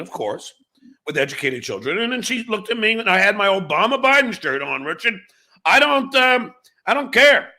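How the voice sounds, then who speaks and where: Man, middle-aged, livestream host, stammering, swearing, lively pitch, very bright tone. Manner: animated, swears often, restarts and stammers. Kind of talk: political chat and storytelling.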